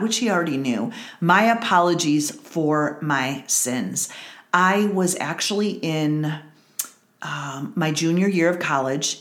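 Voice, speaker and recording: A woman's voice: low-pitched, reverberant. A middle-aged woman hosting a Bible study, giving an earnest personal testimony and repeating phrases for emphasis.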